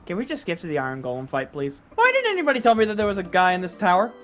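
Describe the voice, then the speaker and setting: A woman's voice: lowish voice, big pitch swings, very fast, soft background music. A woman narrating her own gameplay footage in casual commentary, exasperated, self-mocking and swearing freely. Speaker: gaming YouTuber.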